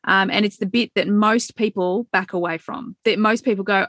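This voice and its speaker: An excited, effusive woman talking as a tarot reader guest in a casual podcast chat, swearing casually. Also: mid-range voice, normal speed, no room sound, clean studio sound.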